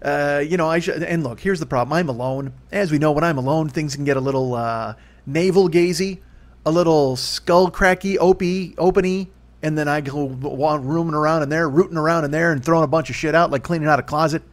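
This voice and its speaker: A man's voice: a little high, fairly quick. A man in his forties hosting a solo comedy podcast, rambling, swearing freely and poking fun at himself. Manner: rambling, profane, self-deprecating. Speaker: podcast host.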